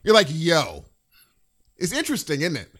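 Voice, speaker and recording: A middle-aged podcast co-host with a slightly high voice speaks a little fast in a casual chat. He's animated and acts out what people would say in quoted voices.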